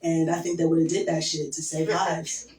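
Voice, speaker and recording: A young woman doing a stand-up set, crude and deadpan, with lots of "um" and "like". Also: low-pitched, moderate pace. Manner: crude, deadpan, filler-heavy. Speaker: stand-up comedian. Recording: echoey room from far off.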